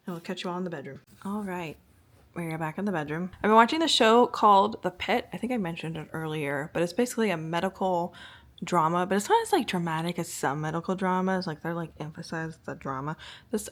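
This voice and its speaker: A tired young woman vlogging casually to camera from her bedroom late at night, rambling and now and then dropping to a soft whisper. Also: fairly low pitch. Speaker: vlogger and streamer. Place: bedroom at home. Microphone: handheld vlog camera.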